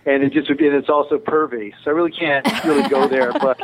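A man's voice: medium pitch, steady tone, a little fast, crowd noise. A middle-aged man, a television director, giving chatty, digressive interview answers with a joking streak. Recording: tinny phone-line audio.

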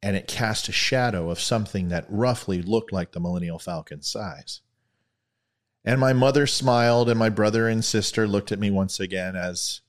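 A man hosting a podcast, telling a personal story and then chatting casually, animated and self-deprecating. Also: fairly low pitch, moderate pace. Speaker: podcast host.

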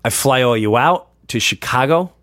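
A man hosting a podcast, chatting casually and excitably about upcoming shows. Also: medium pitch, normal speed, no room sound, clean studio sound. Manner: excitable, animated storytelling. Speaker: podcast host and comedian. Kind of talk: casual chat.

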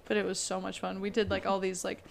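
A woman in her twenties, a podcast co-host, telling family stories in casual chat, animated and laughing often as she acts out quotes. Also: medium pitch, fast, creaky, a little hiss or hum.

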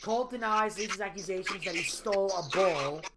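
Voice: mid-range voice, normal speed, heavy background noise. A podcast host giving a casual, rambling plot recap of a TV show, with personal asides.

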